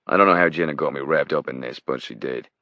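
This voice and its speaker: Male narrator as a wry, blunt British spy, very deep and matter-of-fact, in a dull, dry recording. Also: fast talker, no room sound.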